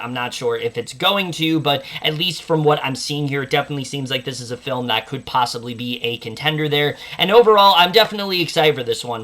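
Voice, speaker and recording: A man's voice: medium pitch, fairly bright tone. A young man hosting a casual movie preview, enthusiastic and full of fillers. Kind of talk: casual film chat.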